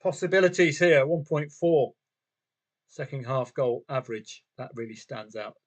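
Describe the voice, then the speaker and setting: This livestream host covers football trading live, chatting loosely with viewers and himself and peppering his commentary on matches and bets with rhetorical questions. His medium-pitched voice has lively intonation and a normal speed.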